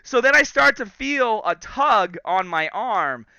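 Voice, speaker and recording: A man in his thirties hosting a podcast, telling a story casually and in an animated way, acting out the quotes. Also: high voice, slow pace, vocal fry, clean tone, dry recording, highs cut off. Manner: animated storyteller, acts out quotes and laughs often. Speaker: podcast host.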